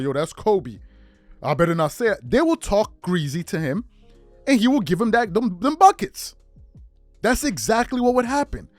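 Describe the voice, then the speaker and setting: Podcast host, man, heated opinion rant, high and very animated, dry close sound. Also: dry recording. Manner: heated, rhetorical questions, emphatic repetition.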